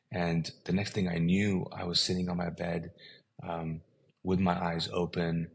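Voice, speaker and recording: A man's voice: low voice, flat delivery, fairly quick, creaky. A middle-aged man whose first language is Urdu, telling a personal story as a guest and acting out the dialogue in it.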